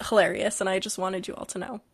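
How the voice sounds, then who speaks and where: A woman's voice: mid-range voice, little pitch movement, fast talker, breathy edge. Giggly, sarcastic young woman co-host. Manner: giggly, sarcastic, swears freely. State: slightly sick from strep throat. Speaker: podcast co-host. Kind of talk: casual podcast chat.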